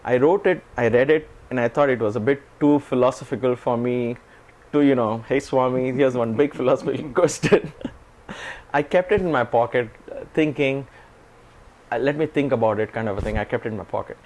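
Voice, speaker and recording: Man telling a story with animated quotes. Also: medium pitch, a little fast. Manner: animated, acts out quoted speech, laughs often. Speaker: interview guest. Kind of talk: storytelling in an interview.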